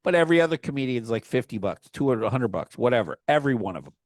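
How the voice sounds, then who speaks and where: A man co-hosts a podcast in a loose, rambling, profane way, often breaking into laughter mid-sentence. His voice sits at an ordinary middle pitch. The sound is dry and close, with no room echo. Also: big pitch swings, very fast. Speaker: podcast co-host. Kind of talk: casual chat.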